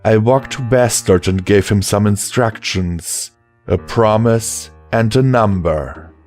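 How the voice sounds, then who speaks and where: A man reading a first-person audiobook with a low, emotional voice. His pace is slow and deliberate. Faint music plays under the narration. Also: darkish tone.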